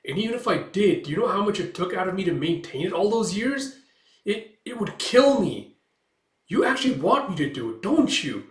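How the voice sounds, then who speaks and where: A man's voice: high-pitched, sing-song, quick pace, roomy sound, far from the mic, voice pushed up. A man voicing a pleading anguished witch woman. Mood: distraught. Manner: pleading, raised and strained. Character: anguished female witch hero, clinging to an illusion family.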